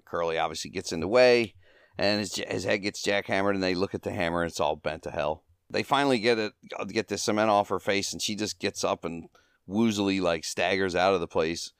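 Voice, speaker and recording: Deep-voiced man recapping comedy shorts. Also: a little fast, smooth, no room sound, clean studio sound. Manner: chuckling often, acting out quoted lines. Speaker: podcast host reviewing comedy shorts. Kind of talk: casual recap and review.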